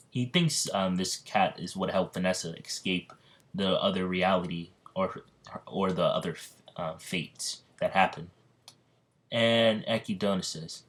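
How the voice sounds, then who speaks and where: A man's voice: deep voice, slow pace. A man casually narrating a fan story in a rambling way, with many restarts. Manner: rambling, full of fillers and restarts.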